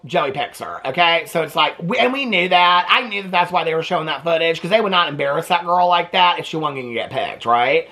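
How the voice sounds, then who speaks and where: A man chatting in a gossipy, animated way as he reacts to a reality dating show, peppering his talk with "okay?" and "like". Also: high-pitched, brisk. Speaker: TV reaction vlogger.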